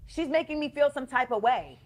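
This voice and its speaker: A woman in a conversational discussion, explaining her view in a deliberate way. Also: high-pitched, animated, a little mellow, slight background noise.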